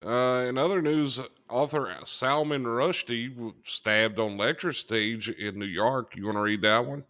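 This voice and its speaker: A man's voice: medium pitch, measured pace, sharp tone. A man co-hosting a casual talk show, reading out news headlines and cracking dry jokes in between. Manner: dry, wisecracking.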